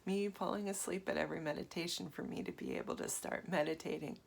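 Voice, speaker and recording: A woman's voice: fairly low pitch, steady tone, quick pace, vocal fry, husky. A woman in her forties giving a casual, confiding talk as a meditation teacher, often dropping to a half-whisper. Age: 40s. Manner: soft, confiding, with frequent fillers and laughs.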